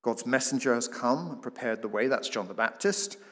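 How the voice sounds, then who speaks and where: A man's voice: mid-range voice, normal speed, long reverb tail. A man preaching a sermon, explaining the passage and posing rhetorical questions with occasional restarts.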